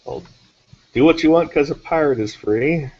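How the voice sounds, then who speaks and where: A man's voice: fairly high pitch, moderate pace, a little mellow, dull audio. A man taking part as an artist on a live stream, chatting casually and making laid-back jokes. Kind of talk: casual banter.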